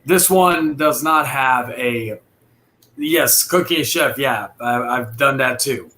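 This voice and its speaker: A man's voice: medium pitch, slow, pushed and bright. A man chatting casually about his kitchen job, rambling with many restarts and fillers. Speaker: dishwasher and cook. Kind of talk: casual chat on a live stream.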